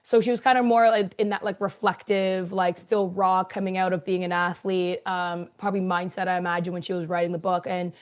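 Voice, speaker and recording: A woman's voice: lowish voice, flat delivery, brisk, hardly any pauses. A woman co-hosting a sports podcast, talking conversationally with fillers and building to emphatic points. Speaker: podcast co-host. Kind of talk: casual chat.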